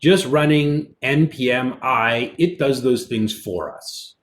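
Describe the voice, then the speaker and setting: A man, a college instructor, giving a relaxed online programming lecture, explaining as he goes with fillers, with keyboard typing in the background. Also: mid-range voice, takes it slowly. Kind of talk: recorded online lecture with screen demo.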